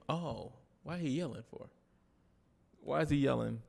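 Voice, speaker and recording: A man co-hosting a casual podcast chat, telling a story with animated delivery and acting out the quotes. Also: mid-range voice, measured pace, gravelly, pauses often. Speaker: podcast co-host.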